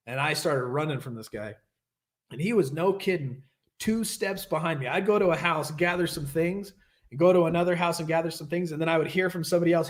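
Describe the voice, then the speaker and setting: A man's voice: a little high, fast talker. A young man with a slightly raised voice shares his past at an online recovery meeting. His delivery is candid and rambling, slipping into the voices of the people in his story. It is casual storytelling, not a speech.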